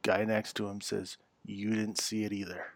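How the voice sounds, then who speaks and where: A man's voice: lowish voice, flat delivery, normal speed, dry recording. Blunt, profane co-host man, dry sound. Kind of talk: casual chat.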